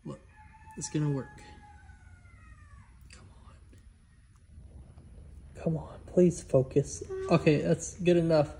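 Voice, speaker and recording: A man's voice: fairly high pitch, fairly even intonation, takes it slowly, gravelly, pauses often, warm tone, slight background noise. Chatty homestead man coaxing his animals. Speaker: homestead vlogger. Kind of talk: casual vlog chat. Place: outdoors on a farm.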